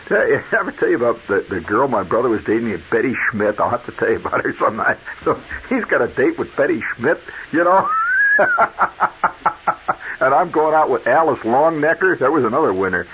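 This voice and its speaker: Animated male radio storyteller. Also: medium pitch, fast, hardly any pauses. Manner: animated, chatty, speaks straight to listener. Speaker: radio host. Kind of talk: storytelling monologue. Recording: muffled old radio broadcast with hiss.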